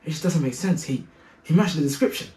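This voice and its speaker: A man putting on a stern male police officer, suspicious and curt, who repeats his demands over and over. The voice sits a little high and rings in an echoey room. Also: quick pace, a little mellow, recorded from a distance, lightly acted. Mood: insistent.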